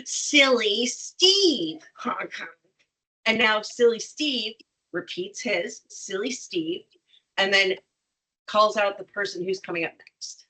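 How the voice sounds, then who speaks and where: A woman leading an improv name game on a video call, playful and quick to laugh. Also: mid-range voice, bright, forceful tone, rough recording. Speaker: workshop facilitator.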